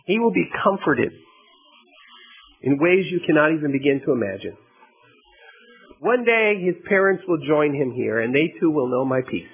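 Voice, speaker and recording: A man voicing God, speaking in a solemn, measured way. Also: fairly high pitch, slightly rough, heavily acted. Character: God, calm and tender divine speaker. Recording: tinny phone-like radio broadcast.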